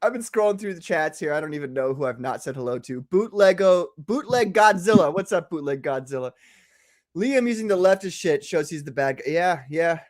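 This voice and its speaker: A man's voice: a little high, lively intonation, a little fast. A man from the United States hosting a casual livestream chat, ranting profanely and laughing often. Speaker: podcast host.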